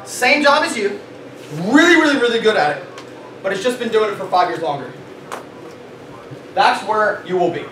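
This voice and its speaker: A man leading a sales meeting, giving an animated motivational talk to a live audience and quizzing them with questions. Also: high-pitched, normal speed, pauses often. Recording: echoey room, far from mic, noisy.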